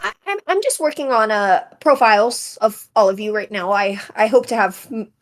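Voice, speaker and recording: A woman's voice: on the high side, normal speed. A woman playing in a tabletop game, speaking in character with a hesitant, stammering manner. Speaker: player. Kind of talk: in-character tabletop role-play.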